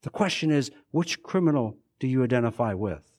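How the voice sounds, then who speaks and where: Man, pastor, sermon, mid-range voice, repetitive emphatic phrasing, fervent then hushed. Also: mid-range voice, expressive, fairly quick.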